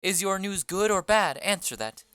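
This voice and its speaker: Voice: mid-range voice, normal speed, fairly bright tone, smooth, no room sound, voice pushed up, close to an everyday voice. A reader voicing an impatient young girl in love who presses with pleading questions in an amateur play reading.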